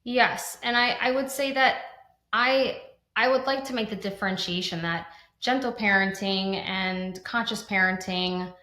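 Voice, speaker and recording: A woman's voice: mid-range voice, a little slow, bright, forceful tone. Woman in her 30s, podcast cohost, earnest, keeps restarting and saying like, echoey room. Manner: earnest, restarts often, frequent "like". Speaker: podcast co-host. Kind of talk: conversational podcast discussion. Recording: roomy echo.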